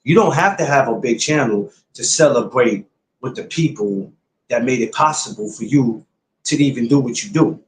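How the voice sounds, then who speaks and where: A man's voice: mid-range voice, lively intonation, normal speed, roomy sound, slight background noise. A man hosting his podcast, talking casually and bluntly to his viewers, repeating his points like a lecture. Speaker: podcast host. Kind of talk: casual livestream talk to viewers.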